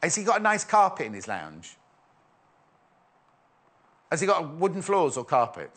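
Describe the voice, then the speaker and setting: A man's voice: fairly high pitch, wildly swooping pitch, normal speed, fairly bright tone. A man presenting a shopping channel, chatty and rambling, joking and reading out viewer messages. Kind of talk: live shopping channel chat.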